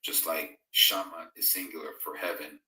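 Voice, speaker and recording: A man's voice: a bass voice, flat delivery, moderate pace, pushed and bright, far from the mic. A man hosting a live-streamed Bible fellowship, chatting casually, reading out and answering viewers' comments, and reading scripture aloud. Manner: reads out viewers' comments and answers them conversationally. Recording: echoey room, voice away from the mic.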